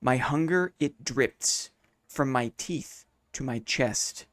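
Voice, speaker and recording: A man voicing a hungry, creeping mimic monster, reciting a riddle in a slow, hushed, low tone. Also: dry recording, clean studio sound. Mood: hushed menacing.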